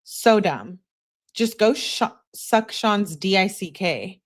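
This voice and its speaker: A woman's voice: medium pitch, expressive, takes it slowly. A young woman reading a couple's text messages aloud and breaking off with blunt, scornful asides as a true crime commentator.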